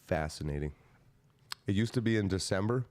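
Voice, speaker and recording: A man's voice: low voice, lively intonation, brisk, a little mellow. A man hosting a casual talk show, reading an old text aloud and cutting in with mocking, sarcastic asides. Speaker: podcast host.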